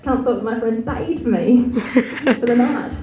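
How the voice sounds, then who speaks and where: A woman's voice: on the high side, measured pace, recorded from a distance, crowd noise. Crude Australian woman doing stand-up. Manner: crude, self-mocking, chatty with many filler likes. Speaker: stand-up comedian. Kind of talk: stand-up comedy set. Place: comedy venue stage. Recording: roomy live venue sound from afar.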